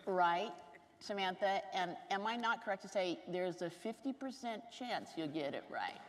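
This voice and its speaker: A woman around sixty telling comic stories on stage, fast, animated and self-mocking. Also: mid-range voice. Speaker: author giving a talk. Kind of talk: comic storytelling talk on stage. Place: large lecture hall. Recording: reverberant hall with faint noise.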